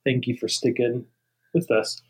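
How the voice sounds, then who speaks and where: Casual male podcast co-host, mid-pitched, rambling and laughing. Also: level tone, moderate pace. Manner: laughs often, rambling tangents. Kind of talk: casual movie podcast chat.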